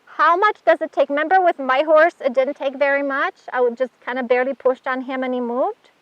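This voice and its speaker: A woman's voice: high-pitched, fairly even intonation, a little fast, no echo, lo-fi sound. A woman teaching a horsemanship workshop, talking casually while working with a horse and often praising it. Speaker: horsemanship instructor. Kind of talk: hands-on outdoor lesson demonstration.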